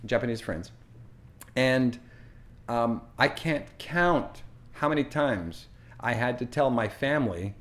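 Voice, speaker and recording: A Canadian man teaches English at a slow, unhurried pace. His delivery is deliberate and chatty, with frequent fillers, and his voice sits at a middle pitch for a man. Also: lively intonation, a bit bright. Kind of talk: slow, clear teaching monologue.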